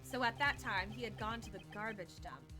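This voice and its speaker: A woman voicing a calm, composed male prosecutor in a lowered, measured voice. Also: music in the background, close to an everyday voice.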